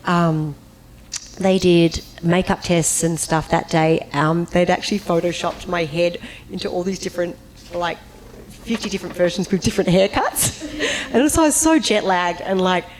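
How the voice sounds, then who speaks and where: A woman on a convention panel telling an animated anecdote, acting out voices and breaking into high, laughing squeals. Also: normal speed, a little hiss or hum, poor audio.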